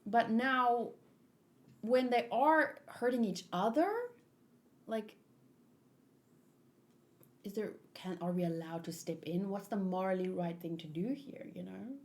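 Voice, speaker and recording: A woman's voice: mid-range voice, slow pace, pauses often. A woman hosting a manga read-along, chatting casually and rambling as she thinks aloud. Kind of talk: casual chat and reading aloud.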